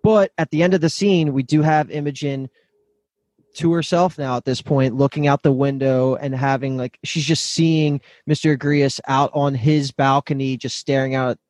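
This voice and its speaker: A man's voice: mid-range voice, steady tone, normal speed, darkish tone, no room sound. A man hosting a casual podcast chat, recapping a TV episode scene by scene with small restarts.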